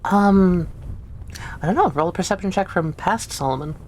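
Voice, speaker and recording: A woman narrating as game master for a tabletop game, describing scenes in a relaxed way with many fillers. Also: fairly low pitch, moderate pace, background noise.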